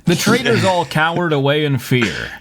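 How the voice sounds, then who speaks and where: A man's voice: fairly high pitch, huge pitch swings, normal speed, a bit bright. A male podcast host reading fanfiction aloud for laughs, mock-dramatic and often breaking into laughter.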